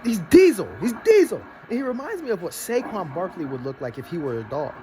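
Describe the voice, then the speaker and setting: A young adult man, giving casual reaction commentary that swings from low grumbles to excited bursts. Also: brisk, noisy background. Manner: animated, jumps between low grumbles and high excited bursts. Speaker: vlogger reacting to a broadcast.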